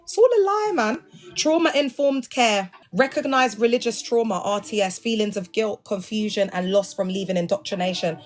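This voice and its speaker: A woman's voice: mid-range voice, moderate pace. Young woman, vlogger, emphatic, slangy, talking straight to her viewers. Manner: emphatic and slangy, heavy use of "like" and "you know". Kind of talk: emotional casual monologue.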